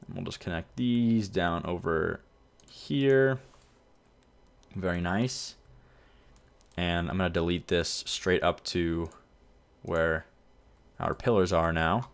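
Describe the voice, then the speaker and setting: Deep and gravelly with a clean tone, this host speaks slowly and pauses often while playing a city-building game. His casual let's-play talk drifts around, and he corrects himself along the way.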